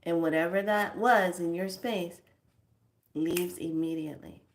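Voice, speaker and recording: A woman's voice: fairly low pitch, steady tone, a little hiss or hum. A woman giving spiritual teaching to camera in an emphatic, colloquial way. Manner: slow, emphatic, colloquial; chants words drawn out.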